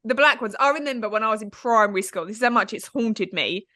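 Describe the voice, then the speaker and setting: A woman's voice: on the high side, quick pace, bright, forceful tone, dry recording, clean studio sound. A woman co-hosting a podcast, telling a story in casual chat and acting out what people said. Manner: chatty, self-mocking storyteller who acts out quotes. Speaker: podcast co-host. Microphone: studio microphone, on camera.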